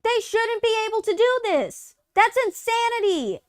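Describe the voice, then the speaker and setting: High-voiced woman ranting in exasperation. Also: lively intonation, normal speed, dry recording, studio quality. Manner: heated, profane ranting; exasperated rhetorical questions. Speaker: co-host of a live gaming news show. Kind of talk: casual live-stream chat.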